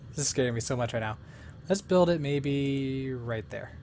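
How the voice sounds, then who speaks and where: Let's play host rambling to the game as they go, average pitch, goofy little asides, desk mic. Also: normal speed, darkish tone, a little hiss or hum. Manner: thinks aloud, talks to the game and items; playful, self-mocking asides. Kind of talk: casual gameplay commentary.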